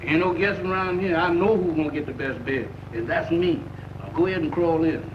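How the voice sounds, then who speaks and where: A man's voice: a little fast, far from the mic, lightly acted. An actor playing a jittery man who guards his bed and panics easily, in 1940s film comedy style. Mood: wary. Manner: high, excitable, rising to frightened yelps. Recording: dull old film soundtrack with hiss.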